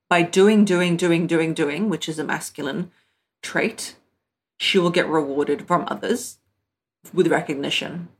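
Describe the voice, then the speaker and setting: A woman's voice: fairly low pitch, husky. A pregnant woman hosting relationship advice in a breezy, direct way, acting out playful little quotes as she talks. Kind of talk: casual advice talk.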